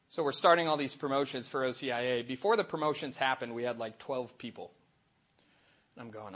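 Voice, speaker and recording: A middle-aged man, a Catholic catechist, giving a lively faith talk to an audience and acting out little voices in his stories. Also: mid-range voice, moderate pace, long pauses, breathy edge. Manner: animated storytelling, acts out voices and asides.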